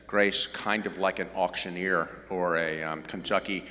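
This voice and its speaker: A man's voice: sits low, fairly even intonation, unhurried, pushed and bright, long reverb tail. A middle-aged man with a Southern US accent, preaching a conversational sermon with joking asides. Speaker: pastor.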